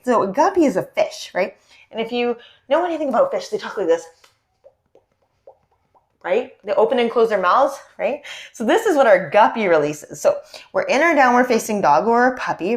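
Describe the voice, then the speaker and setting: A young woman teaching a guided yoga class, giving gentle cues and asking encouraging check-in questions as she leads through poses. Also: a little high. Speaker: yoga instructor.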